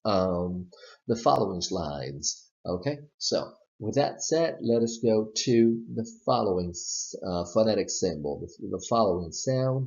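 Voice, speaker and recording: A man with a Southern US accent teaching English pronunciation, modeling words slowly and repeating them. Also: on the low side, a little mellow. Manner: slow, modeling words with exaggerated repetition. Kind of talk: slide-based pronunciation lesson. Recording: dull lo-fi recording.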